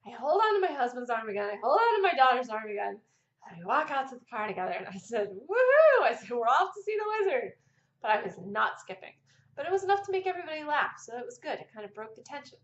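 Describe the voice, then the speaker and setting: Lively high-voiced woman telling a story. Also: fast talker, reverberant, lo-fi sound. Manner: animated, laughing storyteller. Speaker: vlogger. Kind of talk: casual personal storytelling.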